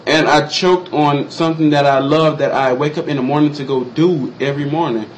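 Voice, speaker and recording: Young man, casual storyteller, slightly high voice, animated delivery, faint background noise. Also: brisk, rough recording. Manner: animated, acts out quotes in exaggerated high voices. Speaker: vlogger.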